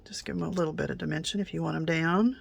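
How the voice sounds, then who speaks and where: Middle aged lady doing a craft video, rambly and chatty, bit of vocal fry, goes quiet and whispery while working. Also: low voice, fast talker. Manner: chatty, rambling, many fillers and restarts; drops to soft near-whisper while working. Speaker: craft channel host. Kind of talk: casual crafting tutorial with stories.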